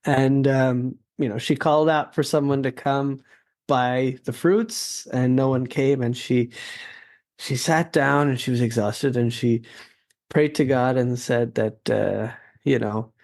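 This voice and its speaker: A man's voice: mid-range voice, fairly even intonation, slow pace, a little mellow. A man hosting a podcast, telling a story in a casual, earnest and reflective way. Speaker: podcast host.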